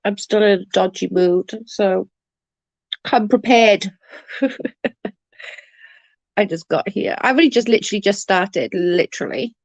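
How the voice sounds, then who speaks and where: A woman hosting a casual live stream, chatting with viewers and reading their messages, blunt and quick to swear when annoyed. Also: mid-range voice, creaky, no echo, dull audio. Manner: chatty, reads and answers chat messages. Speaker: livestream host.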